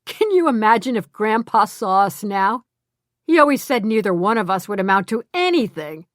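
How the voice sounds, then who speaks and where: A woman's voice: mid-range voice, moderate pace, no echo, studio quality. A woman voicing a boastful male ex-con swindler who crows and talks emphatically. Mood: gloating. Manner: excited, crowing and emphatic.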